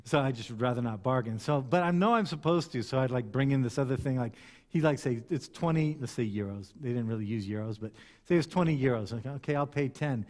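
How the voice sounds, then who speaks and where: A man's voice: medium pitch, fast talker. A male pastor giving a sermon in a conversational, storytelling way with frequent restarts. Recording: long hall reverb.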